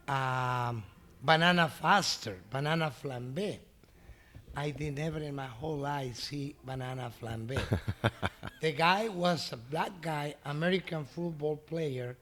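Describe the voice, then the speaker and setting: A middle-aged man whose first language is Spanish tells an animated story in broken English, laughing often and acting out the voices of other people. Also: on the high side. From Mexico. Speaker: restaurant owner. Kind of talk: storytelling in an interview.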